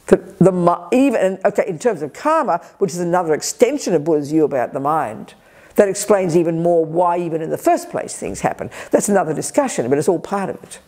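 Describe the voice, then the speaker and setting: An older woman teaching at a Buddhist retreat, energetic and emphatic, acting out people's inner voices. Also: fairly low pitch, fairly quick. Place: retreat center hall.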